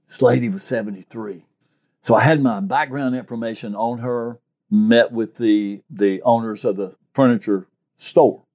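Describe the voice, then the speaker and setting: A man's voice: mid-range voice, moderate pace. A man who works as a private investigator, telling stories in an interview and acting out the quotes with life. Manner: animated storyteller, acts out quotes. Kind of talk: interview storytelling.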